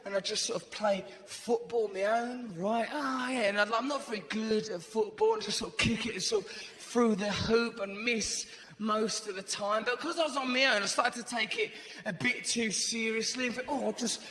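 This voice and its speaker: A man doing stand-up comedy, telling stories in a fast, animated way with sudden put-on voices and bursts of shouting. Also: high-pitched. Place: large theatre stage. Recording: echoey live venue, crowd noise.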